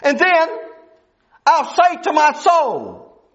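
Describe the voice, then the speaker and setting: A man voicing a boastful rich farmer who muses slowly about building bigger barns, on a dull lo-fi recording. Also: very high voice, huge pitch swings, fairly bright tone, heavily acted. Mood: musing.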